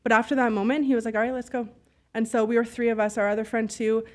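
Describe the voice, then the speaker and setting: A woman telling stories in a casual interview, blunt and animated, swearing freely and filling her talk with "like". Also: on the high side, fast talker. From Canada. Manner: fillers and acted-out dialogue. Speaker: podcast guest, business owner.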